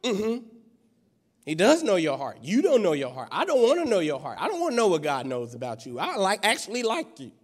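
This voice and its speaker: A man's voice: high voice, wildly swooping pitch, fast, few pauses, husky. Man preaching in a reverberant church hall. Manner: conversational, playful preaching with rhetorical questions. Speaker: pastor. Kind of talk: sermon. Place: church sanctuary.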